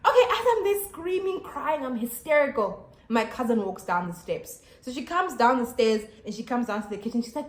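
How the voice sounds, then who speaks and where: A young South African woman telling a storytime vlog to her camera at home, chatty and animated with lots of fillers and restarts. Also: high-pitched, a little fast. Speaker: YouTuber. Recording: echoey room.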